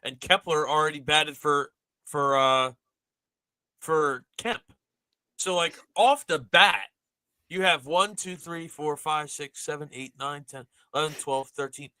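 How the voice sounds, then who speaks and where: A man's voice: on the high side, a little slow, pushed and bright, smooth, dry recording, rough recording. A man hosting a casual sports podcast, ranting animatedly with exasperation. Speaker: podcast host.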